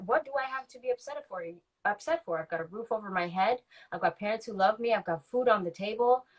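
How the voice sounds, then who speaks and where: A woman's voice: medium pitch, low-quality recording. A woman in her forties, a podcast guest, telling a candid personal story in a reflective way, acting out remembered dialogue with plenty of ums.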